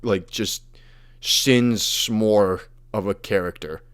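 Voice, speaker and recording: A man's voice: on the low side, takes it slowly, a bit bright, smooth. A young man casually retelling fantasy lore as a podcast host, acting out the characters' lines as he goes.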